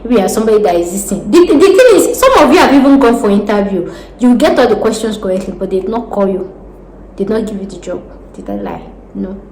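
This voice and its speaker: A Nigerian woman with a Nigerian accent, giving casual job advice in a vlog, animated and laughing often as she talks with her hands. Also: medium pitch, quick pace. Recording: roomy echo with faint background noise.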